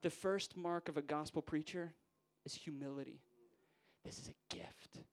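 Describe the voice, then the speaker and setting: A man preaching a sermon in a church, moving from hushed, quiet passages to rousing, emphatic ones. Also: fairly high pitch, steady tone, moderate pace. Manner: builds from hushed to rousing, voices quoted figures.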